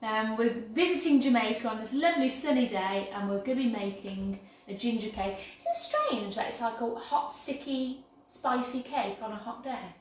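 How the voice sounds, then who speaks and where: Bubbly high-voiced woman in echoey kitchen. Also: normal speed, a little mellow. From England. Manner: bubbly, chatty, self-mocking. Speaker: home baking livestream host. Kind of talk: chatty cheerful baking livestream. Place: home kitchen. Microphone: laptop mic from across the room. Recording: very echoey room, far from mic, faint background noise.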